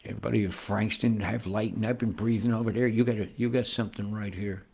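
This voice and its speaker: Man, low gravelly voice; rambling conspiratorial vlogger pointing at a screen, swears freely. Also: fairly even intonation, fast talker, a little mellow. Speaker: weather vlogger.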